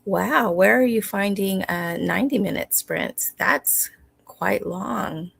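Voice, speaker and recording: A woman chats through a livestream from home, replying to her viewers at a leisurely, drawn-out pace. Her fairly low voice has a gravelly, fry-laced texture. The sound is dry and close, with no room echo. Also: a bit bright. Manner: unhurried, reads viewer comments aloud and replies. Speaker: livestream host. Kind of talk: casual livestream chat.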